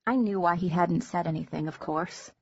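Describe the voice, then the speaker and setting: Husky woman reading an audiobook. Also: on the low side, no room sound. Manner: measured, intimate first-person reading. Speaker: audiobook narrator. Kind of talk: audiobook narration. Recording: dull lo-fi recording.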